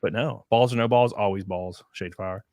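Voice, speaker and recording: A man's voice: fairly low pitch, moderate pace, warm tone, dry recording. A man in his thirties streaming a casual chat, crude and joking, laughing often and throwing in silly voices. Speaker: streamer host.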